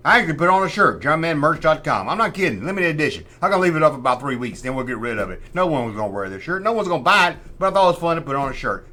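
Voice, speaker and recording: A man's voice: a little high, pushed and bright. A middle-aged man hosting a casual collector's show-and-tell, rambling with sarcastic, mock-outraged asides. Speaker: host.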